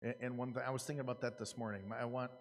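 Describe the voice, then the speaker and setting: A man's voice: mid-range voice, steady tone, rapid-fire, slight background noise. Man lecturing auctioneers in an echoey hall. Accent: American. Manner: casual, repeats and restarts, earnest. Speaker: auctioneer giving a seminar talk. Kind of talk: conversational lecture to a live audience. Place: conference room. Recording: long reverb of a hall.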